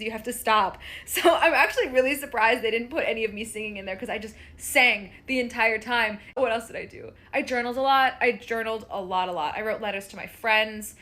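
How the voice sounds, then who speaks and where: A woman's voice: fairly high pitch, bright, forceful tone. A woman and reality show contestant chatting casually in a bubbly, run-on storytelling way. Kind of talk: casual chat.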